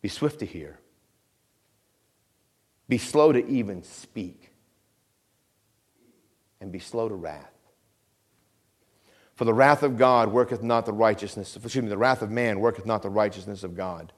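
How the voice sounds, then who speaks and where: Soft-spoken middle-aged pastor preaching. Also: male voice. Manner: calm, measured, often drops to a quiet low voice; asks the congregation questions and repeats phrases. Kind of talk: conversational sermon. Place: church sanctuary.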